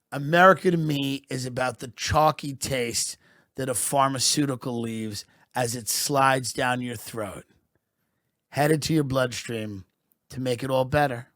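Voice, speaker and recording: A man delivering a satirical comedic monologue in a mock-patriotic, deadpan manner that swells into shouted bursts. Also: mid-range voice, measured pace, no echo, clean studio sound.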